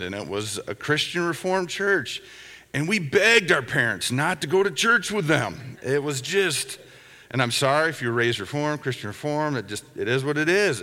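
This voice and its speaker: A middle-aged man preaches in a relaxed, storytelling way, with little asides and chuckles. His voice is bright and forward. It rings out with a long hall reverb, as in a church sanctuary. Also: on the high side. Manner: conversational, anecdotal, chuckling asides. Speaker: pastor. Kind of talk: sermon with storytelling.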